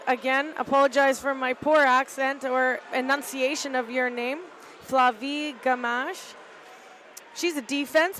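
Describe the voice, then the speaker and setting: Woman, middle-aged, high voice, amateur sports commentary, hesitant fillers, arena balcony, faint crowd noise. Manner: relaxed, chatty, hesitant with fillers. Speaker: volunteer play-by-play commentator, team parent. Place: arena balcony overlooking ice rink.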